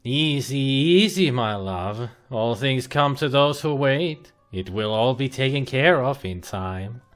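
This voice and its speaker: A man reading the lines of a creepy middle-aged woman who murmurs softly and dotingly to her pet in an adventure game. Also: mid-range voice, expressive, slow pace, soft background music. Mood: cooing.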